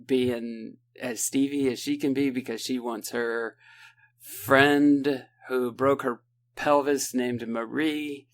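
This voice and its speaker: A man with a lilt talks through a book plot in loose, casual podcast style. He rambles and piles on sarcasm, slipping into short impressions of the characters, all at an average pitch. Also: steady tone. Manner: rambling, sarcastic, acts out characters in quick asides. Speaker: podcast co-host.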